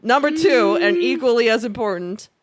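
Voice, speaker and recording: A woman's voice: a little high, normal speed. Laughing, blunt woman podcaster. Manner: animated, laughing often, blunt and profane. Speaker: podcast co-host. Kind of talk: casual chat.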